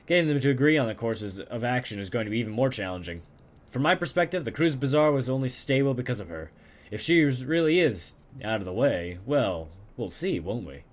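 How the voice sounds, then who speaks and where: A man's voice: mid-range voice, big pitch swings, a little fast, lightly acted. A man reading a nasal chain-smoking woman. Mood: businesslike. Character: raspy-voiced nasal female smoker, businesslike schemer on phone.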